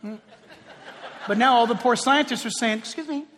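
A man preaching a sermon in an animated way, firing rhetorical questions at the congregation in a church. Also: extremely high pitch, normal speed, a little hiss or hum. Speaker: pastor. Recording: long reverb of a large hall.

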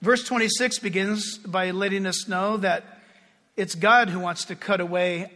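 High, bright-voiced man preaching. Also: measured pace. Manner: animated storytelling, addresses the congregation. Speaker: pastor. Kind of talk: sermon. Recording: long hall reverb.

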